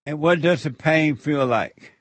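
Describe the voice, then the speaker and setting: A man's voice: fairly high pitch, a little slow, no room sound. A man hosting a call-in radio show, rambling and laughing as he gives spiritual counsel.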